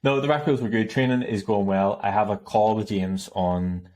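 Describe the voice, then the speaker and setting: A man co-hosting a casual podcast chat, telling stories in an animated way and laughing often. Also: lowish voice, normal speed. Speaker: podcast co-host.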